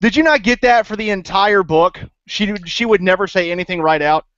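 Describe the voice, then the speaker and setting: A man's voice: sits high, a little fast, a bit bright, no room sound. A man co-hosting a casual book podcast, who talks eagerly and cuts in playfully. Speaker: podcast co-host. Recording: dry, muffled lo-fi audio.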